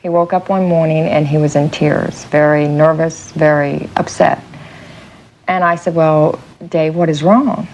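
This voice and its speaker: A woman's voice: low voice, unhurried, slight background noise, low-quality recording. A woman being interviewed, animatedly retelling what she witnessed, quoting the conversations. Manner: animated retelling with quoted speech. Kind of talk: casual interview recollection.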